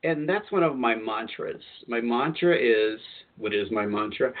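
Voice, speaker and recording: A man's voice: mid-range voice, animated, a little slow. A man with a mid-range voice hosts a spiritual talk radio show, chatting loosely and circling back to fix his own words. The sound is thin and tinny, like a phone line. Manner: rambling, self-correcting and chatty.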